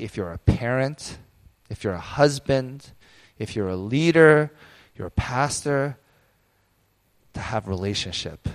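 A pastor in his thirties preaching a sermon in a candid, conversational way, telling personal stories. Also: mid-range voice.

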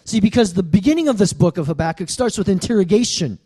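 A man with a high, light voice preaches a sermon. He talks to the congregation in call-and-response asides, drawing amens and asking if they hear him. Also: animated, fast talker, warm tone, husky. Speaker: pastor.

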